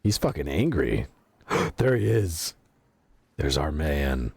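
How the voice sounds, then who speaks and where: Low, husky, swearing young streamer. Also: male voice, big pitch swings, slow, darkish tone, no room sound. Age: young adult. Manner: profane, laughing storyteller. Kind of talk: casual gaming stream chat.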